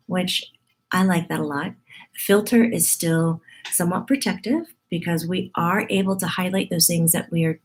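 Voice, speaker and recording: In a relaxed spiritual teaching session for her group, this female medium chats with a husky morning voice and laughs through playful asides. Her voice runs lowish, with a darkish tone.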